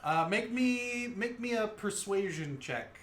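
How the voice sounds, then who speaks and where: A man's voice: sits high, expressive, slow, fairly bright tone, reverberant, a little hiss or hum. A man narrating a tabletop game as game master, playful and rambling.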